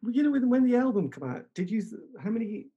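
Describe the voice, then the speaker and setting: Man, radio interviewer, high pitch, husky, laughs along, short questions. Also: sing-song, fast, dark tone, muffled recording.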